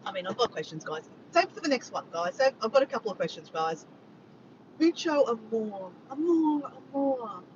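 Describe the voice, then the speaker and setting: An Australian woman hosts a casual livestream, talking fast and animatedly with hardly any pauses. She rambles, reads out viewer comments and greets people by name, captured on a dull, distant mic with vehicle rumble behind her.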